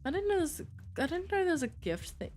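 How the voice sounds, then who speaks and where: Excitable woman streaming a game. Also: extremely high pitch, brisk, slight background noise. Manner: excitable, self-mocking. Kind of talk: live game streaming chat.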